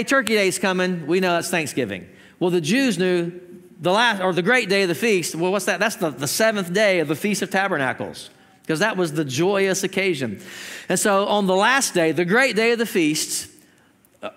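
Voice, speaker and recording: A man preaching a sermon as pastor, telling the story with jokes and sudden shouted lines. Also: high voice, expressive, normal speed. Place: church sanctuary. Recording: long church hall reverb.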